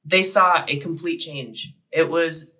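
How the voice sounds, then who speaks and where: Man, sermon storytelling, bright tone, slightly high voice, halting with fillers. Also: steady tone, slight background noise, rough recording. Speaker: speaker at church service.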